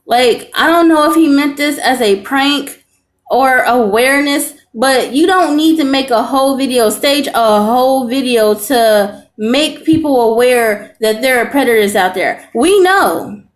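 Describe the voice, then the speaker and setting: A woman's voice: sits high, unhurried. A young woman reacting to a video in casual, earnest commentary, repeating her points for emphasis.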